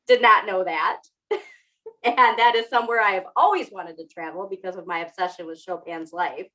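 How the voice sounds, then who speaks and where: A woman's voice: mid-range voice, normal speed, pushed and bright, rough recording. A young adult woman co-hosting a podcast in casual chat, laughing often and teasing herself. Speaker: podcast co-host.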